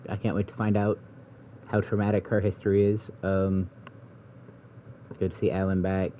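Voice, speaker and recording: A man with a low, deep voice talks through a video game in a relaxed, rambling way, thinking aloud as he plays. The recording is dull and lo-fi, with a faint hiss underneath. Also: moderate pace. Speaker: let's play gamer. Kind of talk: casual gameplay commentary.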